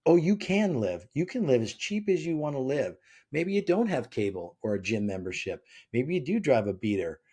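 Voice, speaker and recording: Male podcast guest, a husky author who tells stories and voices the people in them. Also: mid-range voice, normal speed. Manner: animated, acts out quoted voices. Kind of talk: conversational interview.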